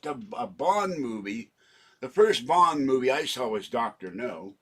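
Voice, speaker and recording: This vlogger, a man in his seventies, talks at a measured pace in a mid-range voice with lively intonation. Standing in his kitchen, he wanders chattily between topics in a home vlog monologue and gets heated when indignant.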